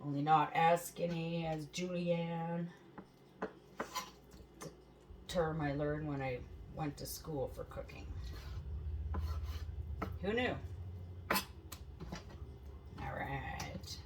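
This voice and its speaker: A woman's voice: sits low, fairly even intonation, extremely slow, pauses often, noisy background. A woman hosting a home cooking show, chatting casually in her kitchen, swearing freely and laughing at her own stories.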